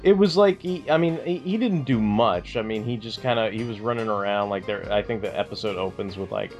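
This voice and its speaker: A man's voice: fairly low pitch, brisk, a little mellow, dull audio, soft background music. A man co-hosting a podcast, chatting casually in a rambling way with lots of fillers and swearing. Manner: rambling, filler-heavy, profane. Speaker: podcast co-host. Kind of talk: casual chat.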